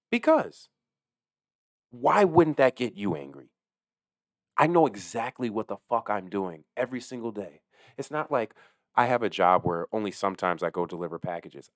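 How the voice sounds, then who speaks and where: A man who works as a delivery driver, ranting casually to camera, heated and swearing heavily, swinging between low muttering and loud outbursts. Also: big pitch swings, normal speed, dry recording, studio quality. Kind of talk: casual profane rant to camera.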